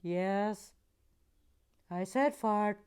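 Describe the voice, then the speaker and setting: A woman talks slowly and softly as she builds and reads viewers' comments aloud. She is chatty and gently playful, and often drops to a near whisper. Her voice sits at a middle pitch. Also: clear, resonant tone. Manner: playful, gently silly asides. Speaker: host of a relaxing build channel.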